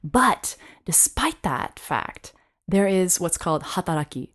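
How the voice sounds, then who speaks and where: A woman's voice: lowish voice, very animated, unhurried, fairly bright tone. A woman from Texas who teaches English in Japan, chatting casually on a podcast with many fillers and restarts.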